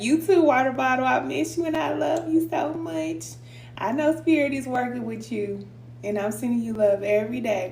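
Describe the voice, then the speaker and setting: A woman's voice: mid-range voice, a little mellow. A middle-aged woman hosting a casual live stream, talking informally with viewers, laughing often and reading out their comments. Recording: echoey room with faint hum.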